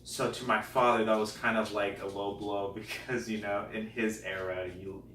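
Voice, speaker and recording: A man, a comedian guest, telling a personal story in an animated, self-deprecating way. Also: lowish voice, moderate pace. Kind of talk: comic storytelling. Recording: roomy, distant mic, faint noise.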